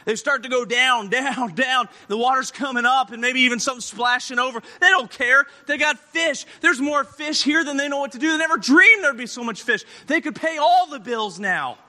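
A male preacher tells a Bible story like a performer, jumping between narration and the voices of the people in it, now low and weary, now shouting. His voice sits high and is piercingly bright. A long hall echo trails every phrase. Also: moderate pace, hardly any pauses. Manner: acts out Bible characters with shifting voices, shouting at peaks. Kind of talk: animated sermon storytelling.

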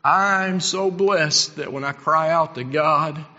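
A middle-aged man preaching a sermon as pastor, impassioned, swinging between loud appeals and hushed asides. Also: a little high, slow, in a large hall, dull audio.

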